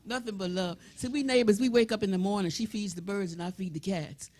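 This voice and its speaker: An older woman leading a congregation in a call-and-response song, lively and chatty, coaxing everyone to join in. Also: medium pitch, fairly quick. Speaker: song leader. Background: band music.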